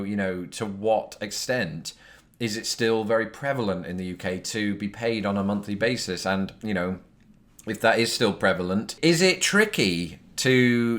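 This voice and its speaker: A man's voice: lowish voice, a bit bright. A British man hosting a casual viewer Q&A vlog, rambling and self-deprecating, with lots of fillers, recorded on a phone. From Britain. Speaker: YouTube host answering viewer questions. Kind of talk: casual chat.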